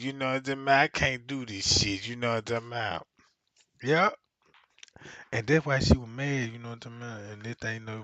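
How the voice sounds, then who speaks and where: A man hosting a livestream, telling crude comic stories in a rambling way, swearing constantly and laughing as he goes. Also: no room sound. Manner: profane, laughs often, keeps asking "you know what I'm saying"; acts out quoted voices in exaggerated pitch. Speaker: comedic livestream host.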